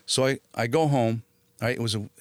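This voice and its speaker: A man, a guest on a podcast, tells his stories with energy and acts out the other people's lines. His voice sits at a middle pitch, recorded close and dry on a podcast mic. He swears casually as he talks. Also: a little fast, no room sound. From born in Italy, raised in New Jersey. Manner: animated storyteller, acts out quoted voices, swears freely. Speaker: guest actor. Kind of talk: storytelling in a podcast interview.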